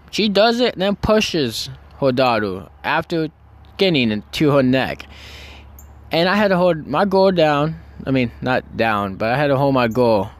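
A young man in a casual storytelling mode, talking fast with mid-range pitch. He rambles and restarts, swears freely and gets worked up as he goes. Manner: excited, rambling, heavy swearing. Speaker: vlogger.

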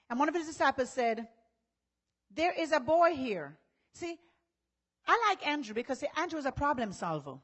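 A woman pastor preaching a sermon in a conversational style, acting out what people say and building up to shouts. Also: high voice.

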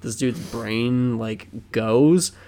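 Young male podcast co-host, gravelly, loose and rambly, casual swearing. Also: medium pitch, extremely slow, dark tone. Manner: rambling, swears, lots of fillers and restarts. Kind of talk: casual chat.

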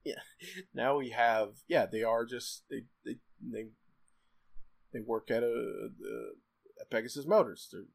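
A man's voice: mid-range voice, a little slow, vocal fry, slightly rough. Rambling, laughing man in casual chat. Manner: rambling, excitable, lots of laughter and fillers.

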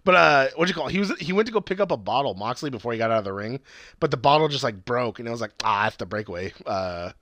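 Profane, animated young man chatting. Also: mid-range voice, quick pace. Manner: profane, animated retelling with quoted voices. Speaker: podcast co-host. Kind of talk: casual chat recapping wrestling.

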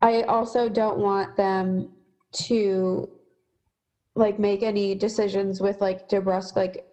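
A woman's voice: mid-range voice, flat delivery, takes it slowly, warm tone, poor audio. A young woman co-hosting a casual sports podcast, blunt and opinionated, with many fillers. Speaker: podcast co-host.

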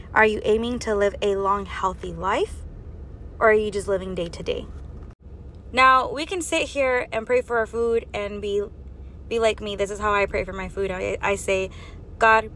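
Preaching on faith and health, a woman with a mid-range, slightly bright voice earnestly exhorts her listeners using strings of rhetorical questions. It's a monologue, with a little hiss or hum in the recording.

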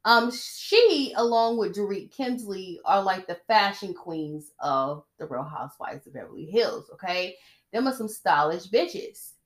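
A podcast host with a mid-range voice talks about reality TV at a measured pace, animated, blunt and chatty. She gossips casually and emphatically, frequently tossing in "okay?" to check in.

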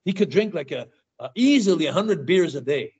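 An older man, a guest in an interview, telling animated anecdotes in casual talk, often stammering and repeating his words. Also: a little high, a little fast, breathy edge. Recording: dull lo-fi sound.

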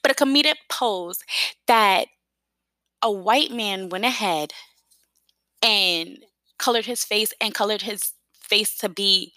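A woman's voice: medium pitch, sharp tone, no room sound, low-quality recording. A woman with a New York accent talking casually and emphatically to her viewers, often repeating herself. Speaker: vlogger. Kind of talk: casual talk to camera.

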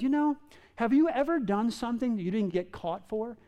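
A man preaching a sermon, animated, acting out quoted lines with sudden leaps in pitch. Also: brisk. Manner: animated, acts out quotes with big pitch jumps. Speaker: pastor. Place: in a room with listeners.

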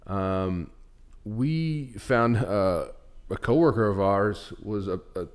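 Very deep-voiced man chatting casually. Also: slow. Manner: rambling, many fillers and restarts. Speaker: podcast co-host. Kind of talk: casual chat.

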